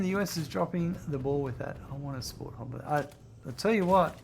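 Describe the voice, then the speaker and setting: A man's voice: a little high, fast, creaky, slight background noise. A man chatting casually while he plays through a game tutorial, rambling and reading out viewer messages. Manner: rambling, reads out viewer chat. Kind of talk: casual chat while playing.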